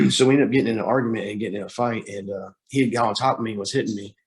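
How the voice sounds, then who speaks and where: A young man, a guest on a talk show, telling a hard personal story, halting with fillers and restarts, close to tears at times. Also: fairly low pitch. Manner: halting, with many fillers and repeated starts.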